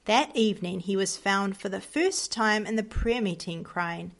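A woman teaching a devotional lesson, telling hymn history and reading moral stories in a gentle, earnest way. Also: medium pitch, a little slow, few pauses. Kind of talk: storytelling lesson for children.

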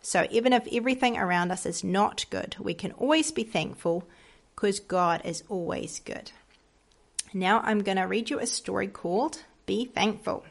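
A woman teaching a devotional lesson, telling hymn history and reading moral stories in a gentle, earnest way. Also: medium pitch, moderate pace, vocal fry. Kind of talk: storytelling lesson for children.

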